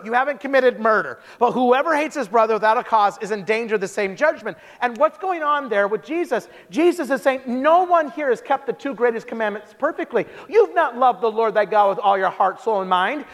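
A man preaching a sermon, telling stories with lively acted-out quotes. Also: extremely high pitch. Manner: animated storytelling, acts out quotes in character voices. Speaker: pastor. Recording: long hall reverb.

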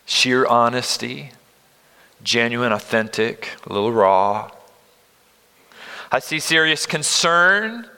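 Fifties pastor guy preaching, earnest, goes loud then almost whispers, big echoey church. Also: medium pitch, lively intonation, slow, long pauses, clean tone. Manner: earnest, emphatic, swings between loud and hushed. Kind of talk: sermon. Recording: long reverb of a large hall.

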